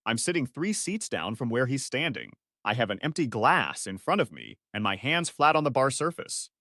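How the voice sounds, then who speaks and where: A man's voice: medium pitch, big pitch swings, normal speed, pushed and bright, no room sound, studio quality. A man narrating a first-person science-fiction story in clipped, analytical sentences.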